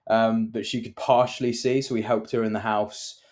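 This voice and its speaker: A man with a somewhat low voice co-hosts a property podcast from the UK. He talks in a loose, chatty way and tells anecdotes about site visits. He acts out the people he quotes as he goes. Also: little pitch movement, moderate pace, darkish tone. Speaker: podcast co-host, property developer. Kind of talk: casual chat.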